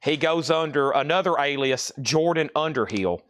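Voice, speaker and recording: A man's voice: on the high side, fairly bright tone. A man running a live-stream record sale, calling out lots and bids with casual asides. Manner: rapid lot calls and bid tallies with casual asides. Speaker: live auction seller.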